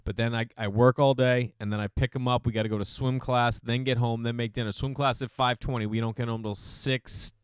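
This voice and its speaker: Smooth-voiced man in a casual monologue. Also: mid-range voice, a little fast, few pauses, no room sound, clean studio sound. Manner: animated storytelling, mimics voices. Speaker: podcast host.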